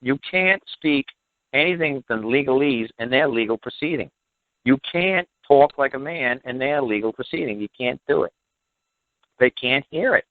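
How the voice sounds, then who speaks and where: A man's voice: medium pitch, expressive, normal speed, no room sound. A man speaking as the guest expert on a call-in show, lecturing emphatically, repeating himself and sounding exasperated. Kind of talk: heated call-in talk. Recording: dry, tinny phone line.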